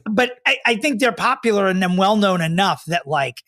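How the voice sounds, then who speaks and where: A man's voice: sits high, expressive, moderate pace, fairly bright tone, no room sound, clean studio sound. A man co-hosting a comedy podcast, talking theatrically and breaking into mocking voices. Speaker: podcast co-host. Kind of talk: casual comedic chat.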